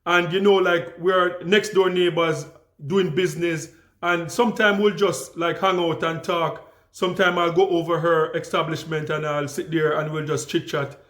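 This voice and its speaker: A young adult man with a Jamaican accent, telling stories to the camera in a calm, easygoing way with many restarts. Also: a little high, reverberant. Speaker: vlogger. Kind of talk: casual storytelling to camera.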